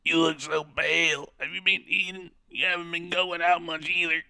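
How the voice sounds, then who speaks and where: A man's voice: fairly high pitch, little pitch movement, normal speed, vocal fry, bright, forceful tone, dry recording, voice pushed up, full character voice. Man doing a fretful young noblewoman. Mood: worried. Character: gentle young noblewoman fussing over the prince.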